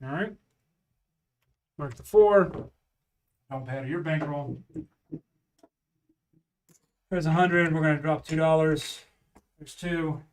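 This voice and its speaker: A man's voice: on the high side, measured pace, long pauses, recorded from a distance. A man casually chatting on a live stream at home while practicing craps, calling out rolls and bets.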